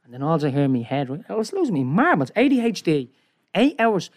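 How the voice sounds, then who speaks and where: A man in casual conversation tells a sprawling story in a slightly raised voice. He rambles and gets excited, tossing in "right?" again and again as he goes. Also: a little high, quick pace. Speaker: guest. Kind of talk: animated storytelling in casual chat.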